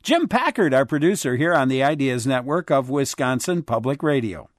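A man's voice: mid-range voice, very animated, normal speed, dry recording. A man hosting a call-in radio talk show from a studio, speaking casually with plenty of fillers.

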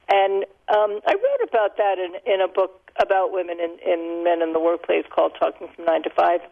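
A woman's voice: on the low side, gravelly. An older woman, a linguist, explaining ideas thoughtfully as a guest on a radio talk show, with light laughs now and then. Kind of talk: radio interview answers. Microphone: telephone. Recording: phone-line audio.

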